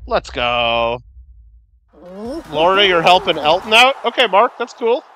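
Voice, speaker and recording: Bright-voiced chatty streamer man. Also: high voice, sing-song, measured pace, slight background noise. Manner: rambling, chatty, talks to chat by name. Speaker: livestream host. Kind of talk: casual gameplay livestream chat.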